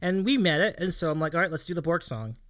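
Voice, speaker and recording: A man's voice: a little high, expressive, fast, a bit bright. A man hosting a casual livestream talk show, telling a story in a rambling way and laughing often. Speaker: host.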